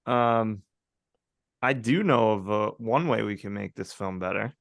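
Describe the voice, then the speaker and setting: A man's voice: fairly low pitch, unhurried, gravelly, no room sound. A man co-hosting a movie podcast who steers the segments with dry, crude jokes. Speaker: podcast co-host. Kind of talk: casual movie chat.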